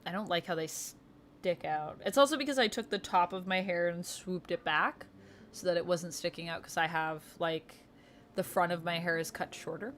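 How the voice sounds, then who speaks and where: A young woman with a Canadian accent chats through a casual livestream, reading out viewer comments and answering them warmly. Her voice sits fairly low for a woman. A faint hiss runs under the recording. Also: moderate pace. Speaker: streamer.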